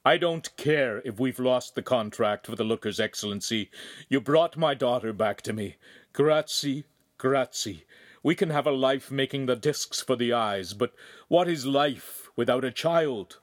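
A man voicing a tearful, grateful craftsman who stammers and pleads in a raised, slowed voice. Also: medium pitch, dry recording, studio quality, pitched above the performer's own voice, lightly acted. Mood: overwhelmed. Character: tearful grateful middle-aged craftsman, overwhelmed.

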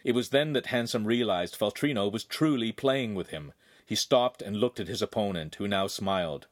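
A man's voice: fairly low pitch, moderate pace, no room sound, clean studio sound. A man reading a young adult novel aloud as the narrator, telling an action scene vividly. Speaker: audiobook narrator. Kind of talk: scripted narration.

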